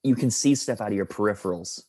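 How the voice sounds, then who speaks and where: A man's voice: on the low side, fast, dark tone, breathy edge, no room sound. A man hosting a podcast, chatting casually and telling a loose, easygoing story. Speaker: podcast host.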